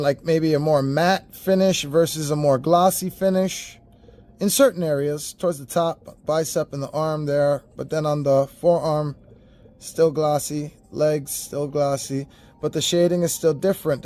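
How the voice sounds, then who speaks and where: A man giving a casual toy unboxing review, talking straight to viewers with animated, profane, exasperated rants. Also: on the high side, measured pace.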